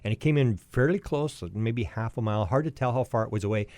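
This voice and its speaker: A man in his sixties telling a long personal story as a podcast guest, lively and anecdotal, often restarting his sentences. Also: mid-range voice, fast, dry recording. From Canada.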